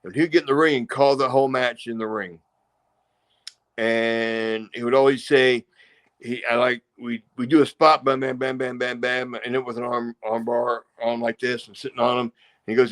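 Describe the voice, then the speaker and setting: A man's voice: mid-range voice, fairly even intonation, moderate pace, a bit bright. A middle-aged man, a former wrestler, telling rambling stories in a casual interview and acting out quotes and sound effects. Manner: rambling, acts out quotes and crowd noises.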